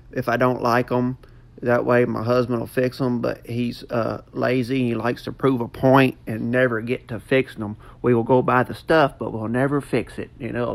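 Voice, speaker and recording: A man's voice: medium pitch, gravelly. A man doing a goofy, rambling comic voiceover full of fillers. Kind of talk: joking mock voiceover.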